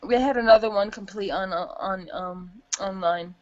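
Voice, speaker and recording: On a dull, lo-fi home recording with no room sound, a podcast co-host chats casually about gaming in an unhurried, slightly mellow, medium-pitched voice. Giggles come often, curse words flow freely, and her sentences frequently drift off before she restarts.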